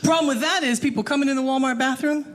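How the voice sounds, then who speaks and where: A woman performing a stand-up comedy set on stage, animated and acting out the people in her stories. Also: high voice, fast talker. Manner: animated, acts out voices. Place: stage before a live audience. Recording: noisy live comedy room.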